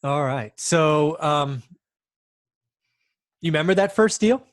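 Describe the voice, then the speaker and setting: Lively-voiced male interview host. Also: on the high side, takes it slowly. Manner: brief encouraging interjections, friendly questions. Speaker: podcast host. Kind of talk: casual interview.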